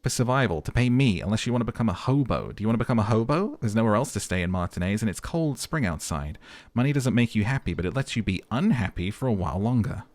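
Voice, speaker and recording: A man's voice: fairly low pitch, expressive, quick pace, darkish tone, dry recording, natural voice. A man voicing a touchy, sarcastic male hostel cafeteria manager who mocks and complains. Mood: exasperated. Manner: mocking, exasperated, theatrical.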